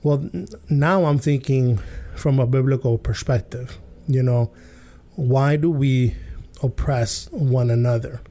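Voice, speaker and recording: A man's voice: mid-range voice, a little slow, dark tone. A man hosting a podcast, telling a childhood story and commenting in a casual, rambling way with many fillers, restarts and chuckles. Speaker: podcast host.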